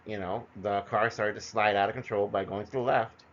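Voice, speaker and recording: Middle aged guy w a lowish voice telling stories, rambly, lots of ums, muffled lo-fi audio. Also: fairly even intonation, a little fast. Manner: conversational, rambling, with fillers. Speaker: storyteller. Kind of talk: personal storytelling monologue.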